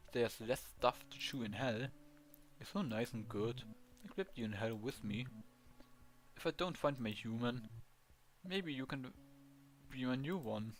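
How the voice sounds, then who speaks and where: A man's voice: mid-range voice, natural voice. A man with a German accent reading the lines of a cheerful, eager male ghost dog in a video game. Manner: earnest, eager, simple phrasing.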